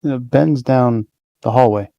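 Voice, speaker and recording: A man playing a tabletop game, asking halting, filler-heavy questions in casual chat. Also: mid-range voice, gravelly, dark tone, dry recording, muffled recording. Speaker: player.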